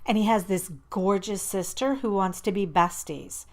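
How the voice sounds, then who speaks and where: A woman's voice: medium pitch, moderate pace, lightly acted. A woman voicing an eager chatty teenage girl.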